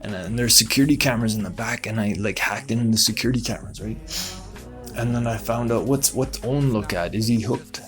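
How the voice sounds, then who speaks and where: Low-voiced man riffing a conspiracy bit. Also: fast, faint music behind. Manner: conspiratorial, deadpan, full of "right?" asides. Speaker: comedian presenting memes. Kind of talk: comedic rambling monologue.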